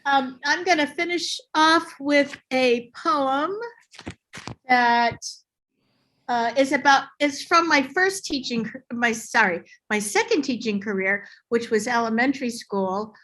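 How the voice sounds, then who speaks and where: High-voiced, slow-talking woman host. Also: a bit bright. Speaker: open mic host. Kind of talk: hosting and introducing. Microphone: video call.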